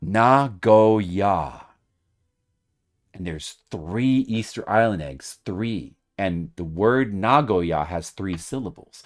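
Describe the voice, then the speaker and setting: A man streaming a retro video game, talking to his audience in a mock-dramatic way that swings from loud hype to quiet muttering. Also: sits low, lively intonation, takes it slowly. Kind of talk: casual gameplay commentary. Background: video game music.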